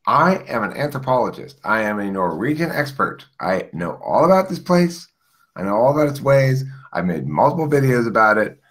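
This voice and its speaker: A man chatting casually with friends, his pitch swinging widely as he jokes. He talks in a sarcastic, mock-expert way, playing the know-it-all. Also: fairly bright tone. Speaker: group chat participant. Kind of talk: casual joking chat.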